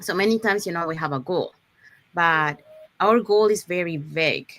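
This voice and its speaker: A woman's voice: fairly low pitch, moderate pace, a bit bright. A woman presenting an unscripted live online workshop, explaining points step by step and often checking in with the audience by asking "okay?". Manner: unscripted, with fillers and restarts.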